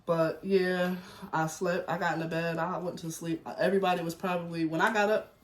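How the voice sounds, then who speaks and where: A middle-aged man chatting through a personal story, wandering and loose, full of slang and filler words. His voice sits a little high for a man. The room around him is echoey, with a faint hum in the background. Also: little pitch movement, fairly quick. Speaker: vlogger. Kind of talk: casual storytelling chat. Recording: roomy echo.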